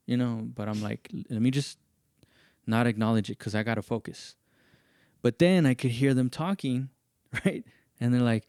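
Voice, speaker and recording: A man hosting a podcast, telling a story in casual chat and acting out what other people said in raised, animated voices. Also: mid-range voice, moderate pace, smooth, dry recording, clean studio sound. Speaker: podcast host.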